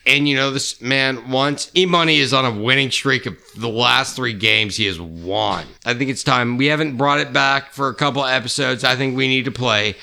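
A man hosting a casual podcast, running a movie quote game with loud, profane banter. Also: medium pitch, moderate pace, vocal fry, hardly any pauses, smooth.

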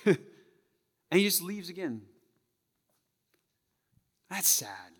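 A male pastor preaching a sermon, acting out tones of voice and sometimes dropping to a hush. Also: fairly high pitch, fairly quick, big-room sound. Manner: animated, acts out tones of voice, drops to a hush. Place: church sanctuary.

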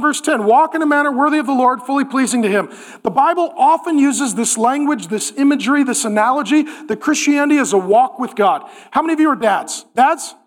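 High-voiced man preaching a sermon. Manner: emphatic, drops to a hushed intimate tone for stories. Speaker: pastor.

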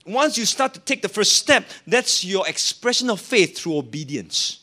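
A man's voice: high-pitched, animated, moderate pace, few pauses, bright, forceful tone. A man preaching a sermon as a pastor, with an emphatic, rising and falling delivery.

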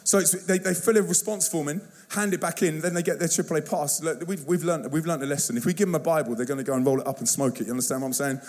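Excitable preacher, punchy and upbeat. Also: male voice, fairly high pitch, fast talker, hardly any pauses. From United Kingdom. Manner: excitable, punchy, slangy storyteller. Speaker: guest youth evangelist. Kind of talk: energetic sermon with storytelling. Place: church service.

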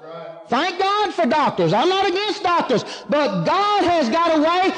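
A man's voice: extremely high pitch, big pitch swings, measured pace, fairly bright tone, soft background music. A man preaching a sermon, emphatic and drawling key words as he asks and answers his own questions. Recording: long hall reverb.

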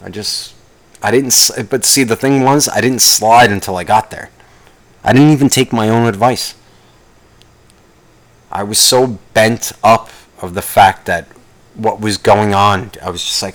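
A man's voice: unhurried, pauses often. Profane rambling young man ranting. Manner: profane, rambling, jumps into mocking high-pitched impressions. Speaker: vlogger. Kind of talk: casual rant to camera.

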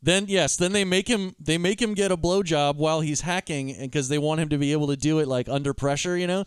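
A man's voice: fairly high pitch, quick pace, clear, resonant tone, dry recording, clean studio sound. A man co-hosting a casual movie podcast, joking crudely and animatedly about film scenes. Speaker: podcast co-host. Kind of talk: casual movie-review chat.

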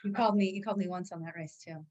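A woman on a podcast, casually and lively telling how her husband called her during a race. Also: fairly low pitch, very fast, lo-fi sound. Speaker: podcast guest, runner's wife.

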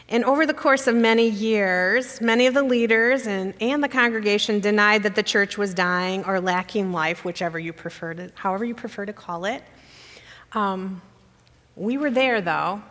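A woman speaks to a congregation in a church sanctuary, her voice carrying a long hall reverb. She talks plainly and personally, emotional and close to tears. Her pitch sits in the middle of the usual female range. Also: fairly bright tone. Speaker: guest speaker.

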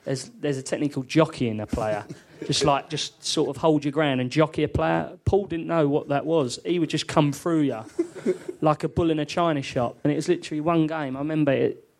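Guy laughing through footy stories, bit higher voice, live podcast on stage. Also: a little fast, gravelly, hardly any pauses. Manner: laughing, animated anecdote telling. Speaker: former footballer guest. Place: theatre studio with audience.

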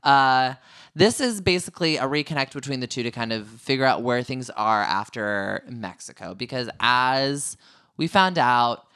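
A man co-hosting a casual podcast, recapping a reality show with a chatty, animated manner. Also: mid-range voice, normal speed, smooth. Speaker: podcast co-host.

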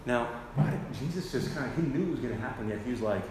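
A man's voice: mid-range voice, lively intonation, quick pace, noisy background. A young man giving a casual sermon, full of slang, who acts out the people in the story as he tells it. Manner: slangy and conversational, full of "dude" and "like". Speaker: youth speaker at a church. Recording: echoey hall with faint ambience.

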